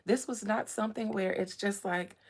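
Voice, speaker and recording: Gravelly-voiced woman chatting animatedly. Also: moderate pace. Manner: animated, swings from low murmur to loud bursts. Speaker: host. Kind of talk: casual chat reading astrology and gossip.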